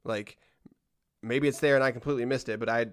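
A man's voice: medium pitch, steady tone, fairly quick. A man hosting a casual podcast about games, rambling with frequent restarts and trailing-off asides. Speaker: podcast host.

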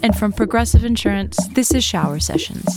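An upbeat woman hosts a casual music show, playful and quick to laugh along with her guest. Her voice sits at a middle pitch, with loud music playing behind her. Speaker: host.

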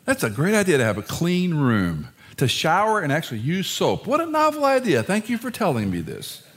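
A man voicing a sarcastic teenage kid who mockingly thanks a parent for a lecture, in a high, exaggerated tone. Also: huge pitch swings, brisk, fairly bright tone. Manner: mock-grateful, exaggerated sarcasm.

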